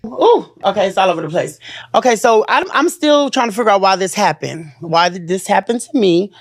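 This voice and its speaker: An interview guest telling a personal story, earnest and halting, often trailing off and restarting. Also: mid-range voice, expressive, dry recording, studio quality. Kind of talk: emotional personal account in an interview.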